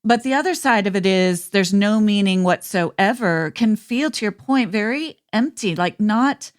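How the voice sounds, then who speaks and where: A woman hosts a podcast conversation with an affirming, enthusiastic manner. Her voice sits at an ordinary middle pitch. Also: lively intonation, a little slow. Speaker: podcast host. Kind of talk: interview conversation.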